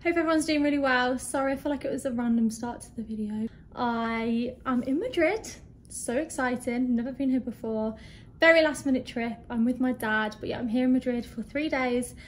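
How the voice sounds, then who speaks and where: A bubbly young woman in her twenties, speaking a little higher than most, chats through a casual travel vlog. She is slightly out of breath and gushes over everything she shows. A faint hiss of background noise sits under her voice. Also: brisk. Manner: chatty, bubbly, easily excited. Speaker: vlogger. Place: hotel room in hot weather.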